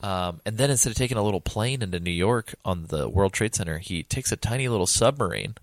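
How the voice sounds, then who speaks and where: A man co-hosting a casual podcast, recapping a film in an animated way, swearing freely and acting out quotes. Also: fairly low pitch, fast talker, no room sound. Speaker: podcast co-host. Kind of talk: casual movie recap chat.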